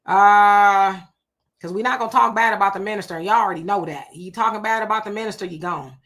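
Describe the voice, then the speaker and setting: A woman's voice: medium pitch, fast talker, a bit bright. A woman hosting a livestream, greeting commenters by name and reacting casually to their messages. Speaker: livestream host reading chat comments. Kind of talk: casual live-chat commentary.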